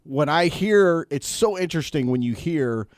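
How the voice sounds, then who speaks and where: A man's voice: on the high side, lively intonation, normal speed, dry recording, studio quality. A male radio host in casual banter, playful and hesitant, given to theatrical comparisons.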